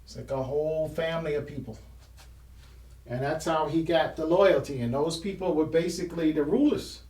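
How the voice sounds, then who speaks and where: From his art studio, a man hosts a painting history show, chatting casually as he paints and rambling with restarts and trailing phrases. His voice is fairly high with a darkish tone, at normal speed, recorded from a distance with roomy, off-mic sound.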